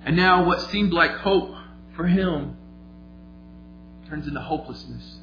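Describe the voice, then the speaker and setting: A man preaching a sermon, retelling a story vividly, moving between quiet and emphatic delivery. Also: on the high side, unhurried, background noise. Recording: echoey, slightly dull, faint music.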